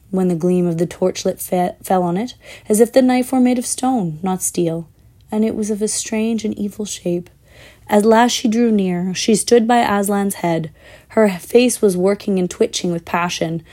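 A woman reading a children's fantasy book aloud in a measured, expressive way, with the odd slip. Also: mid-range voice. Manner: measured, expressive, with small slips. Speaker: storyteller.

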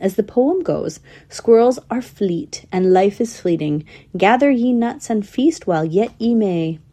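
Storybook squirrel girl, matter-of-fact and thoughtful, mellow husky voice, read by a woman. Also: medium pitch, animated, a little slow, voice pushed up. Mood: earnest. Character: young female squirrel, wistful storyteller.

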